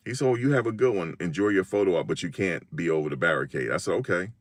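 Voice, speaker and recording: A Virginia man hosting a live stream tells a story in animated, casual slang, acting out what people said. His voice is deep and fast, with no echo.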